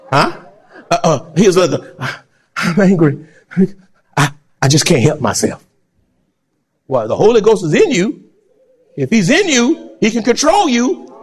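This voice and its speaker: A male pastor preaching an animated sermon. He acts out voices and breaks into shouts. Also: fairly high pitch.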